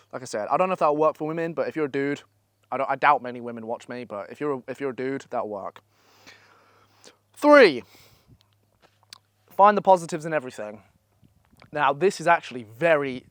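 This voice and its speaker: A young man gives blunt, profane, energetic motivational advice in a casual vlog, speaking at a holiday villa. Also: medium pitch, no room sound. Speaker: online business coach.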